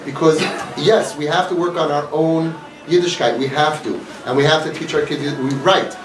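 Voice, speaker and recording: A man's voice: a little high, steady tone, normal speed, a little hiss or hum. A man giving an impassioned talk to a live audience, mixing in Yiddish and Hebrew words. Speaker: speaker of a community organization. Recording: echoey room, mic from a distance.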